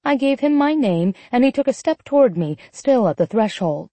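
Woman, audiobook narrator, first-person romance, expressive, sardonic, dark mellow tone, dry close sound. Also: a little high, moderate pace, hardly any pauses, no echo.

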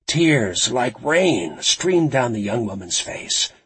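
A man reading a suspense novel aloud as narrator, dramatic and suspenseful in a gravelly voice. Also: medium pitch, very animated, slow, fairly bright tone, low-quality recording. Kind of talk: scripted audiobook narration.

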